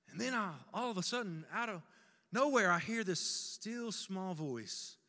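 A middle-aged male pastor preaching a dramatic, impassioned sermon, moving between loud pleas and hushed pauses. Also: high voice, lively intonation. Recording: long hall reverb.

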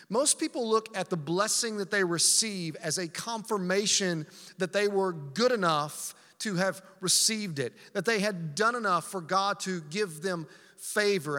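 A man's voice: high-pitched, measured pace, sharp tone. A man preaching a sermon as pastor, emphatic and repetitive, asking rhetorical questions. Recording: long hall reverb.

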